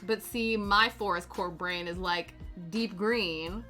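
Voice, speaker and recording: A woman's voice: mid-range voice, slow pace, sharp tone. A woman chatting casually while she knits on a stream at home, rambling and laughing often. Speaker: knitting streamer. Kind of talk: casual chat while knitting. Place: home, on a sofa. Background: faint background music.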